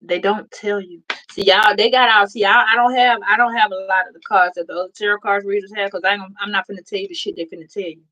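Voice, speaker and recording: A woman's voice: mid-range voice, fairly even intonation, quick pace, hardly any pauses, pushed and bright, low-quality recording. Blunt, profane woman doing a tarot reading. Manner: blunt, profane, emphatic, addresses viewers directly. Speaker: tarot reader. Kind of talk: casual tarot reading to viewers.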